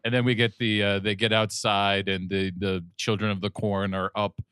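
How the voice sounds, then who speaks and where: A man's voice: on the low side, level tone, normal speed, a bit bright, smooth, dry recording, studio quality. A man co-hosting a comedy movie-review podcast, joking and slipping into mock character voices. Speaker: podcast co-host.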